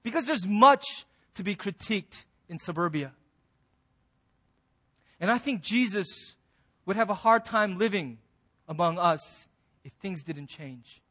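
A high-pitched man preaching as a pastor. He is emphatic and wry, swinging between loud, punchy lines and quiet, soft endings. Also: expressive, measured pace. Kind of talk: sermon.

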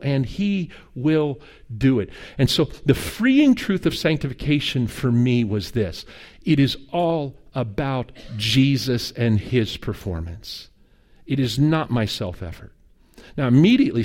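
A man's voice: medium pitch, darkish tone. A middle-aged man preaching a sermon as a pastor, telling stories with humor and acted dialogue. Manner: conversational storytelling with humor and quoted dialogue.

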